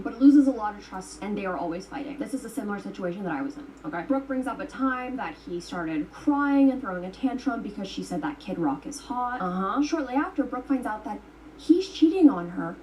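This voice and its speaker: A woman retells someone else's story in a loose, chatty vlog style, swearing freely and leaning on "like." Her voice is mellow and sits a little away from the mic, with faint background noise behind it. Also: mid-range voice, far from the mic, low-quality recording. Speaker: storytime vlogger. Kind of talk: casual storytime commentary.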